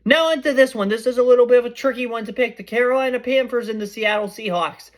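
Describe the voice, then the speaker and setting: A man's voice: very high voice, fast. Chatty young man giving sports picks. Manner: chatty, excitable, often corrects himself mid-sentence. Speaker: podcast host. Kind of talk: casual sports predictions.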